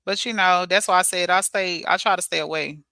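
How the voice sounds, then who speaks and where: Brief: woman streamer reacting to chat, crude and loud-laughing, with a smooth, crisp tone. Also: lowish voice, steady tone, brisk, dry recording. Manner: blunt, profane, laughs loudly at her own jokes. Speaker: livestream host reading chat comments. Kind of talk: casual livestream chat.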